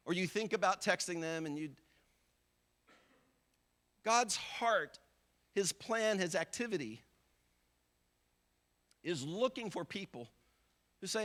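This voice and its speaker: Male pastor with a high voice, conversational sermon that acts out people's inner thoughts. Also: fairly bright tone. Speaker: visiting pastor.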